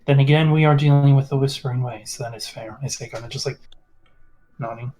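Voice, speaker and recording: A man voicing a formal, courteous male field agent in a tabletop role-play, speaking with polite, measured phrasing. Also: mid-range voice, steady tone, a little mellow, close to an everyday voice, rough recording. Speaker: game master voicing a character.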